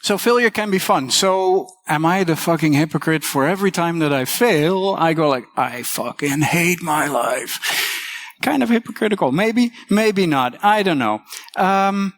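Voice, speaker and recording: A woman's voice: lowish voice, lively intonation, moderate pace. A woman teacher giving a casual conference talk, swearing freely and acting out the voices she quotes.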